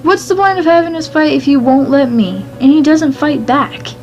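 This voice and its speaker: A woman's voice: high voice, moderate pace, darkish tone, lo-fi sound, faint music behind, voice pushed up, natural voice. A woman voicing a cocky, playful masked young man who speaks in a teasing, matter-of-fact way. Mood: complaining.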